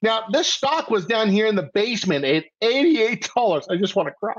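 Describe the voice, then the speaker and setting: High-voiced man coaching an options trade. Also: fairly quick, highs cut off. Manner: animated, keeps asking "okay?", rhetorical questions. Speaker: trading coach. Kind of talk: live webcast trading lesson.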